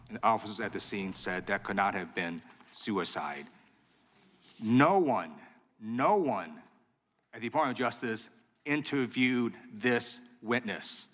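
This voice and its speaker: A man questioning a witness in a formal hearing, pressing hard and accusing. His tone is bright and cutting, carried on a long reverb from the hearing room. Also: mid-range voice. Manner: insistent, accusatory.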